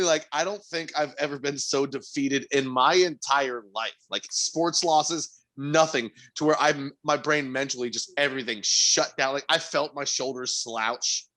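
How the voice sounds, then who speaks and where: A fairly high-pitched man speaks a little slowly as he co-hosts a podcast and recounts a work frustration. Animated and exasperated, he curses plenty, with disbelief making his voice jump up to near-shouting.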